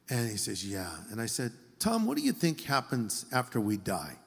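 A man's voice: on the low side, huge pitch swings, moderate pace, creaky, few pauses, breathy edge. Preacher man in a reverberant hall. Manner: storytelling, shifts between loud emphasis and quiet asides. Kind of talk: sermon.

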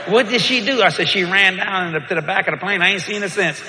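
A man, preaching and telling a story with lively shouts and laughter. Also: sits high, quick pace, noisy background. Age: older. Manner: animated, shouting punchlines, laughing. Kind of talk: sermon storytelling. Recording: echoey hall with crowd.

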